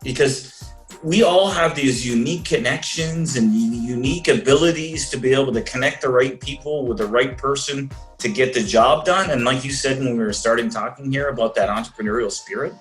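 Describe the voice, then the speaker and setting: A man's voice: mid-range voice, brisk, soft background music, low-quality recording. A Canadian man, a financial planner, talking earnestly in a rambling way with many restarts during a video call interview.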